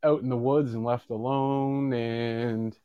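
A man's voice: medium pitch, flat delivery, takes it slowly, clear, resonant tone, no echo, phone-quality sound. A man from Canada chatting on a podcast, blunt and profane. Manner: blunt, profane, laughs easily. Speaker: podcast guest. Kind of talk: casual chat.

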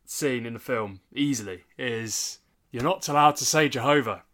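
A man's voice: mid-range voice, moderate pace, a bit bright. A man chatting about a favourite film as a podcast co-host, thoughtful and a little rambling. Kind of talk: casual film chat.

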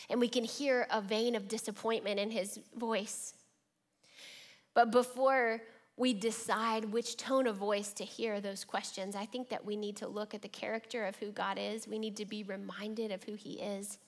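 A woman preacher giving a reflective, measured sermon and reading scripture aloud. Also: medium pitch, steady tone.

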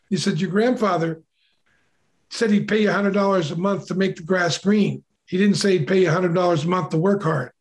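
An older man telling a childhood story in a relaxed, conversational way, acting out the voices of the people he quotes. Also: high voice, brisk. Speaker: podcast co-host. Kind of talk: casual storytelling.

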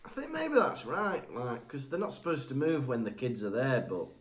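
A man's voice: mid-range voice, wildly swooping pitch, moderate pace, a little hiss or hum. A man co-hosting a comedic podcast, playful and laughing often as he riffs. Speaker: podcast co-host. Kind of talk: comedic book-discussion podcast chat.

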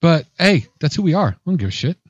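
Man, radio co-host, higher pitch, dry close sound, loose joking banter. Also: sing-song, quick pace, slightly rough, no echo, lo-fi sound. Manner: laughing, swearing, loose banter. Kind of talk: casual chat.

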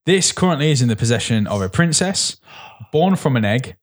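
A man's voice: medium pitch, fairly quick. A man co-hosting a podcast, chatting casually and sarcastically about a film, laughing often. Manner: animated, laughing, sarcastic asides. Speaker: podcast co-host. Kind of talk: casual film review chat.

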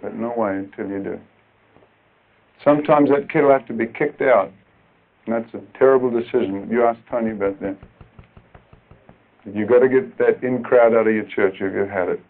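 A man preaching a sermon to other preachers, emphatic and urgent, dropping at times to quiet, earnest asides. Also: fairly low pitch, moderate pace, pauses often. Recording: tinny lo-fi old tape recording.

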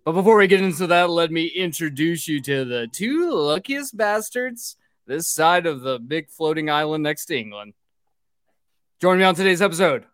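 A man's voice: a little high, lively intonation, normal speed, a bit bright, dry recording, clean studio sound. A man hosting a casual podcast, swearing freely and getting drunk as he talks. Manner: profane, rowdy and joking. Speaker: podcast host.

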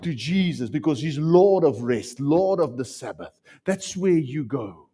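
Husky South African preacher. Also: male voice, on the high side, expressive, measured pace. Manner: impassioned preaching, swinging from loud to hushed. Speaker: pastor. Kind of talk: sermon.

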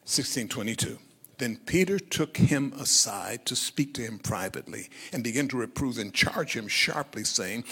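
Male pastor, sermon, lively storytelling, mid pitch, breathy husky tone. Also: moderate pace, big-room sound. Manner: lively storytelling, calls for congregation responses.

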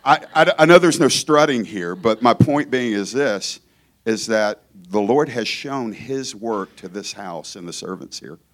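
A man's voice: fairly low pitch, expressive, a little slow. A man from Georgia preaching as a guest in a church, conversational and joking, often breaking off to restart his thoughts. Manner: conversational, joking, self-interrupting. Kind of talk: informal sermon.

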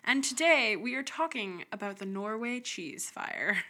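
Bright-voiced young woman podcast co-host. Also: on the high side, animated, a little slow. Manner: playful, jokey, mispronounces words self-mockingly. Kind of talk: casual chat.

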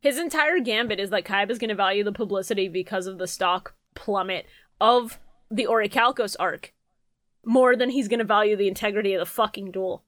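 A woman's voice: medium pitch, brisk, fairly bright tone, dry recording. A young woman co-hosting a podcast in casual chat, sardonic and sweary. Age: young adult. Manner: sardonic, swearing, laughs easily. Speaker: podcast co-host.

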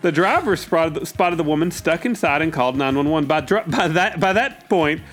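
A man's voice: on the high side, lively intonation, normal speed, fairly bright tone, soft background music. A man co-hosting a comedy podcast in a prissy, mannered way, calling others "dear" as he reads odd news stories. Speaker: co-host.

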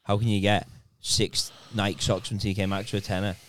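A man's voice: fairly low pitch, level tone, moderate pace, a little hiss or hum. A man, co-hosting a podcast in crude, casual banter. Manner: crude, laughs a lot. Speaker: podcast co-host.

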